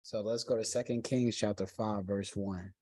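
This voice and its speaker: A man's voice: on the low side, fairly even intonation, moderate pace, mellow, no echo. A man teaching a Bible study, reading scripture aloud and then retelling it in casual everyday slang.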